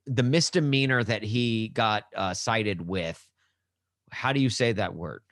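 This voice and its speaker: A man's voice: lowish voice, unhurried, fairly bright tone, dry recording, clean studio sound. A man co-hosting a sports podcast, joking and teasing in a rambling way with many restarts. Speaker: podcast co-host. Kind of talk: casual sports podcast chat.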